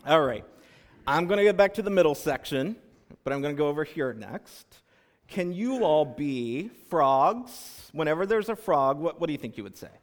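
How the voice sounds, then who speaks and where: A man leading a congregation, moving between reflective reading and playful, encouraging storytelling. His voice sits a little high for a man and swings widely in pitch. A long reverb trails his words through a large sanctuary. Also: expressive, normal speed. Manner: encouraging, playful, makes animal noises to cue the congregation. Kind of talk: reading aloud and leading a participatory children's story.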